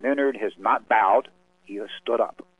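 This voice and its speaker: A man's voice: on the low side, breathy edge, no echo. Solemn man on a tinny phone line. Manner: solemn, measured, with dramatic pauses. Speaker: radio guest speaking for a cause. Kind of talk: impassioned spoken-word reading and appeal.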